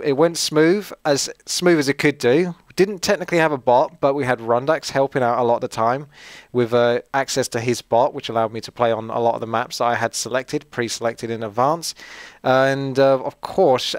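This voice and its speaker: A man from Essex, England, hosts his channel and answers viewer questions in a casual, rambling, friendly chat full of fillers and asides. His voice is mid-range with a steady tone and moderate pace, and there's no room sound.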